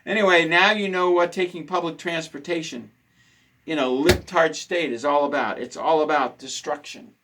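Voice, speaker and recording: A man's voice: on the high side, moderate pace, fairly bright tone, slight background noise, rough recording. Indignant man ranting in a casual chat. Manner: indignant, repetitive emphasis. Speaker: host.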